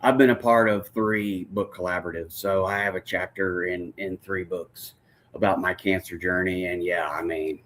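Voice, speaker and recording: A man's voice: deep voice, fairly even intonation, normal speed, fairly bright tone. A man hosting an interview podcast, encouraging his guest with frequent short affirmations and asking long, rambling questions. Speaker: podcast host. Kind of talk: casual interview conversation.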